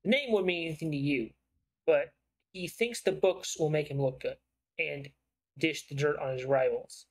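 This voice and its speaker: Shrewd, persuasive writer from a story game, coaxing secrets out with smooth, probing talk, read out by a man. The voice is slightly high, the same everyday voice as the reader's own. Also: moderate pace, rough recording.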